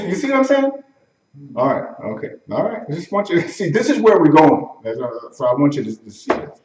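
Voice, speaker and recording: A man's voice: on the high side, very animated, a little fast, a little mellow, distant mic, highs cut off. A man preaching a teaching sermon in a church, talking conversationally, quizzing the congregation and acting out the quotes from scripture. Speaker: pastor. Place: church sanctuary. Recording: echoey room, voice from off-mic.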